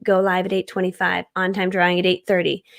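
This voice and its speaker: A woman in her thirties hosting a live-stream coaching session, talking casually, loudly and energetically and laughing often. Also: fairly low pitch, monotone, fast talker, gravelly.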